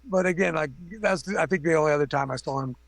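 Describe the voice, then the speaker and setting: A fast-talking middle-aged makeup effects artist with a creaky, somewhat high voice rambles through profane, filler-heavy stories. He's a guest on a remote call doing casual interview storytelling, with no echo on the recording.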